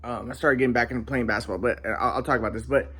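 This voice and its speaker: A man's voice: mid-range voice, fairly even intonation, racing, pushed and bright, a little hiss or hum. A man telling his own story in a rambling way, restarting sentences and repeating words. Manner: acts out quotes of others. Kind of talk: casual storytelling monologue.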